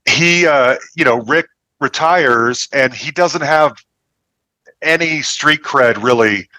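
A male podcast host interviews an author, often cutting in with short encouraging acknowledgements. His voice is bright and forceful, pitched in a middle range. The recording is dry and close to the mic. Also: slow pace, dry recording, low-quality recording. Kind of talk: conversational interview.

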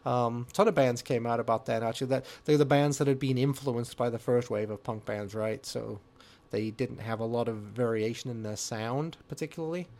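Chatty older man, mid-pitched. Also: moderate pace, darkish tone. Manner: rambling, chatty with frequent fillers. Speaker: podcast co-host. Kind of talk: casual chat about music.

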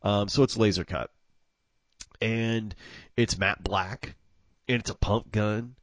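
A man telling a casual anecdote in an animated, self-amused way, acting out the dialogue. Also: lowish voice, slow pace, no room sound.

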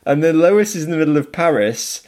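A man's voice: a little high, animated, fairly quick, a little mellow. A man co-hosting a casual film chat, talking freely and laughing often as he pokes fun at stereotypes. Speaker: podcast co-host.

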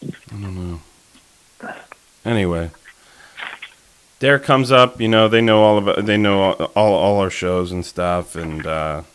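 A man's voice: on the low side, measured pace, long pauses, a little hiss or hum. A man co-hosting a fishing podcast, telling a long story in a casual, rambling way with lots of fillers and restarts.

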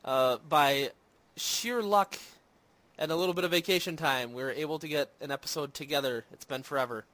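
A man's voice: fairly high pitch, a little fast, fairly bright tone. A man hosting a casual movie and games podcast, rambling and self-deprecating with lots of fillers. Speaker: podcast host. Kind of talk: casual chat. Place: home in Minnesota.

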